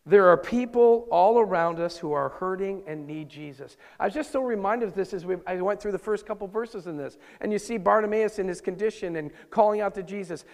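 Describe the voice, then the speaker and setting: A man preaching a sermon as pastor, moving between loud emphasis and hushed, intimate asides. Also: high voice, a little fast, few pauses. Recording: long hall reverb.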